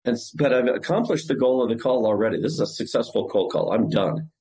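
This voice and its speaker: A company CEO appears as a guest on a podcast interview, explaining sales technique and acting out cold-call lines in different voices. His medium-pitched voice is warm and lively, his pace is quick, and the audio is poor.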